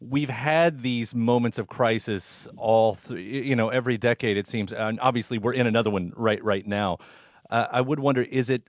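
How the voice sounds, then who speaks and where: A man's voice: medium pitch, normal speed, no room sound, studio quality. A man hosting an interview, asking long, hesitant questions as he searches for words. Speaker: interview host.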